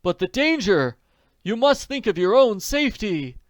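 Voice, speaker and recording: A man's voice: high-pitched, sing-song, normal speed, no echo, studio quality, pitched above the performer's own voice. A man doing a groaning, overwrought ailing guardian. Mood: distraught. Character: ailing distressed middle-aged man guardian. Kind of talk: audiobook character voice.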